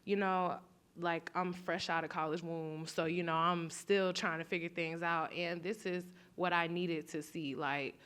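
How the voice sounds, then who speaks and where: A woman in her twenties, a recent college graduate, speaking up from the audience at a panel. Her voice sits a little low, and she talks casually and outspokenly, filling her sentences with "like" and "you know.". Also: steady tone, a little slow, a bit bright, clear, resonant tone. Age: 20s. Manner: casual, outspoken, filler-heavy.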